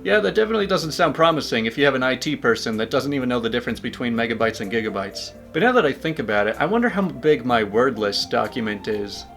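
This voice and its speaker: Guy reading posts out loud, dry and casual, faint music under him. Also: mid-range voice, animated, quick pace, hardly any pauses. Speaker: YouTube story reader. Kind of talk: reading online posts with commentary.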